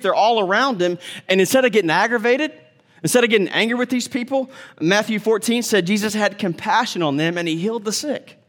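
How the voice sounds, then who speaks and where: Male pastor, high voice, animated sermon delivery with acted-out quotes and hushed tender moments. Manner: animated, acts out quoted voices, drops to soft tender tones.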